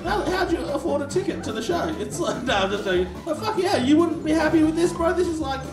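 A man's voice: extremely high pitch, lively intonation, fast talker, far from the mic, music in the background. A man hosting a live comedy show, roasting the crowd with crude, teasing banter and frequent laughter. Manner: sweary, teasing, laughs often. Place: live comedy venue with audience. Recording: echoey room mic from afar, crowd.

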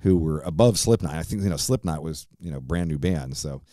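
A man's voice: rumbling low, expressive, fairly quick, mellow, dry recording, studio quality. A middle-aged man hosting a podcast, telling a profane, rambling story casually with lots of fillers. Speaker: podcast host.

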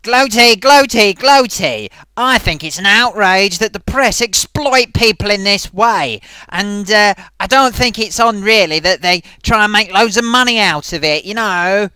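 A man voicing a flamboyant theatrical character who calls everyone "dear boy" and "darling" and repeats the host's name loudly in a sing-song. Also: sits high, unhurried, hardly any pauses, smooth, no echo. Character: flamboyant theatrical luvvie man, gushing and grand.

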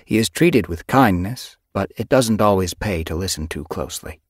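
A man voicing a gentle, wise female spirit cat in an audiobook, speaking softly and gravely with sympathy. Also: sits low, animated, normal speed, no echo, clean studio sound. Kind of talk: audiobook character voice.

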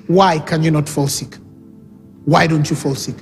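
A man's voice: a little high, moderate pace. A man preaching a sermon, emphatic and repetitive, often calling for responses from the congregation. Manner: emphatic, repeats key phrases, calls for audience response. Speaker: pastor. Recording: reverberant hall with music underneath.

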